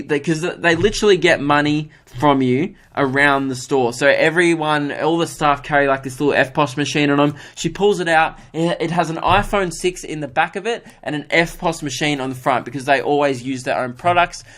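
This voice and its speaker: A man's voice: a little high, moderate pace, few pauses, fairly bright tone. A man, a comedian hosting his own podcast, telling a funny story in an exasperated, ranting, self-mocking way.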